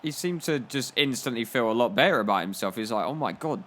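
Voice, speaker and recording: A man's voice: medium pitch, expressive, fast talker, a bit bright. A young man commenting on his football game, spinning rambling, jokey stories full of "like". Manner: rambling, jokey storytelling with frequent "like". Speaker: gaming YouTuber. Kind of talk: comedic gameplay commentary.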